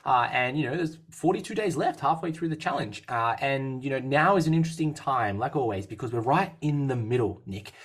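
Upbeat fitness coach, husky voice. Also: male voice, medium pitch, lively intonation, fairly quick, few pauses. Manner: upbeat, rambling, many restarts and fillers. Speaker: fitness coach and podcast host. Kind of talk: casual podcast chat.

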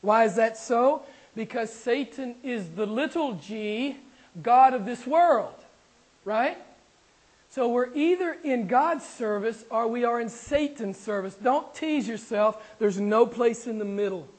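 A man's voice: very high-pitched, measured pace, rough recording. A man preaching a sermon to his congregation, asking questions and talking with them, while losing his voice. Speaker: pastor.

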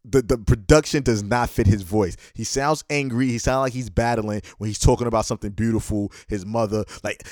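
A man's voice: lowish voice, fairly quick, hardly any pauses, darkish tone, no room sound, clean studio sound. A man co-hosting a casual album review chat, blunt and opinionated, laughing often. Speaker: podcast co-host reviewing an album.

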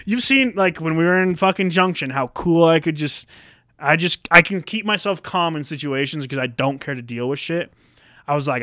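A young man co-hosting a podcast, telling stories in a profane, animated ranting style. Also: fairly high pitch, moderate pace, dry recording, studio quality. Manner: profane, animated storytelling with acted-out quotes. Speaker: podcast co-host. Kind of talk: casual ranting chat.

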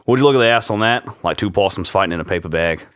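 Man putting on a crude australian bloke, put-on australian accent, deep voice, dry close sound. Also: very fast, fairly bright tone, no room sound. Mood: crude, amused. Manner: breaking into laughter, accent slipping. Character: crude foul-mouthed Australian man from a horror film.

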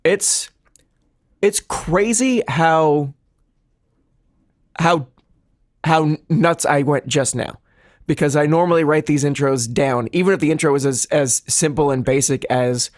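A man's voice: a little high, measured pace, pauses often, no echo, studio quality. A man co-hosting a comedy podcast in casual chat, rambling and self-deprecating, with many restarts. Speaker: podcast co-host.

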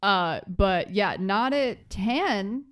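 A woman's voice: medium pitch, animated, drawn-out words. A woman co-hosting a casual true-crime podcast, sarcastic and full of "like" fillers. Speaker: podcast co-host.

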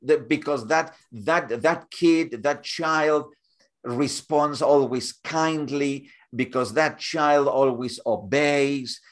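A man talking as a guest in an interview, halting and repeating words as he builds up examples. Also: mid-range voice. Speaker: guest speaker. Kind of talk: conversational interview.

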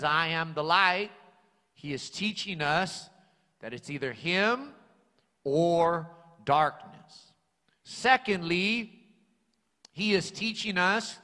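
A man's voice: sits high, bright, forceful tone. A male pastor preaching a sermon, emphatic and repeating his key phrases for weight. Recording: long hall reverb.

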